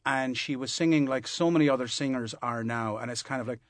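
A man's voice: medium pitch, fairly quick, no room sound. A man from Limerick, a guest on a radio panel, making his points emphatically through stories. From Limerick, Ireland. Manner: anecdotal, emphatic.

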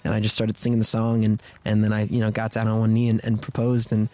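A man's voice: on the low side, monotone, quick pace, dark tone, no echo. A young American man, a guest musician, chatting in an upbeat, rambling way with many restarts in a radio studio. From United States. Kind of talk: casual chat.

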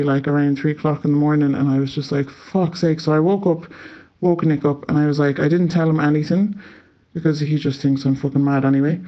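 A young Irish man tells a story in a loose, chatty way, dropping swear words and "like" all through. His voice sits a touch higher than most men's. The recording is a bit dull and muffled. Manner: chatty, swears often, many filler "like"s. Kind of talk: casual spoken storytelling. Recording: slightly muffled lo-fi audio.

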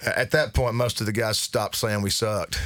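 A man telling stories in a relaxed, drawling way during a casual interview in a radio studio. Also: lowish voice, normal speed, no echo. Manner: relaxed storytelling, drawling, lively quotes. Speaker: band member being interviewed.

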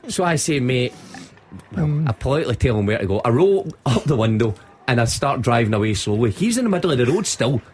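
A man's voice: medium pitch, fairly quick, slight background noise. A middle-aged Scottish man on a radio show, telling a funny story and laughing through it. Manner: animated storyteller, laughs through his lines. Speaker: radio presenter. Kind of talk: radio chat, telling an anecdote.

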